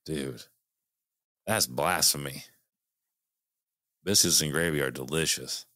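Deep-voiced laid-back male co-host. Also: takes it slowly, bright, forceful tone, no room sound, clean studio sound. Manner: laid-back, swears freely. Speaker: podcast co-host. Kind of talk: casual chat.

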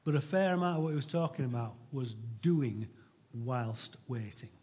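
A man's voice: mid-range voice, expressive, moderate pace, warm tone, husky. A middle-aged man preaching a sermon to his church in an earnest, conversational way, often restarting his sentences.

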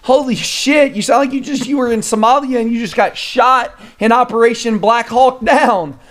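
A man streaming a video game, talking in crude, mock-aggressive trash talk that bursts into shouting. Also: very high-pitched, normal speed. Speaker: gaming streamer.

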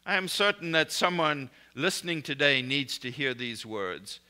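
A man's voice: on the high side, moderate pace, pushed and bright, clean tone. A man preaching a recorded sermon in an emphatic, declarative way, speaking blessings and prayers over his listeners.

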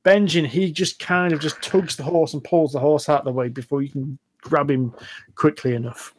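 A man narrating a tabletop role-playing game as game master, chatty and quick to laugh, recorded over a voice call. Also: on the high side, steady tone, slightly rough.

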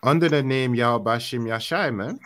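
A man leading a casual scripture study, calling for verses and talking in a relaxed way full of "you know" and "man.". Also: mid-range voice, brisk. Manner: laid-back, calls for verses, says "you know, man". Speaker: leader of the scripture study session. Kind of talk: casual religious discussion.

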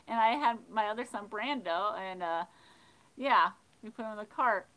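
A woman hosting a livestream, casually telling funny stories and reading chat, animated and laughing. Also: on the high side, moderate pace, poor audio. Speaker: livestream host of a thrifting channel. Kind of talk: casual storytelling while reading live chat.

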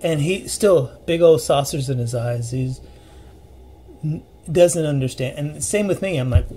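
A man's voice: mid-range voice, mellow, breathy edge. Earnest man retelling an eerie encounter. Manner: earnest, halting retelling with restarts and vivid detail. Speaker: storyteller recounting a personal ghost encounter. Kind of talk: casual spoken storytelling.

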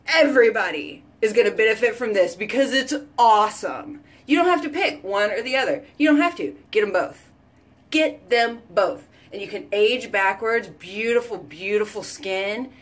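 A woman hosting an excited sales chat for viewers, gushing and repeating phrases for emphasis with breathless exclamations. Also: a little high. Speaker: host selling beauty products.

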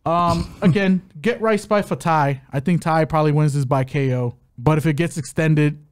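In clean, dry studio sound, a man with a slightly high, clear voice talks at normal speed. He co-hosts a casual fight betting podcast, analyzing matchups with animated jokes and hype-announcer asides.

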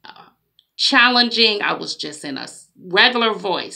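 A woman preaching in a slow, emphatic, conversational way, with dramatic asides. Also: mid-range voice, expressive, gravelly, sharp tone. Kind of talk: preaching monologue.

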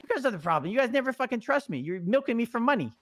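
Frantic, fast-talking man pleading. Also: very high-pitched, sing-song, no room sound. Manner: frantic, pleading, swearing constantly. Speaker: roleplay character Stevie. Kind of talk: heated improvised roleplay.

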